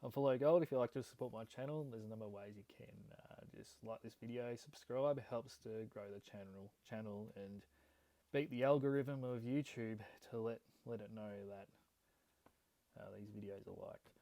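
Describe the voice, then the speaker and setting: A man's voice: mid-range voice, normal speed, dark tone, dry recording, rough recording. An Australian man hosting a gold prospecting vlog, reading an old letter aloud in a casual, hesitant way with many ums and restarts.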